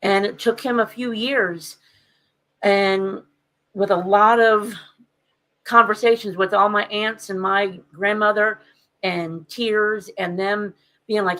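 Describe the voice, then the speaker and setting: A woman's voice: mid-range voice, steady tone, slow, fairly bright tone, poor audio. A woman on a podcast telling a candid family story in a casual, conversational way, with frequent fillers. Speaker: podcast co-host.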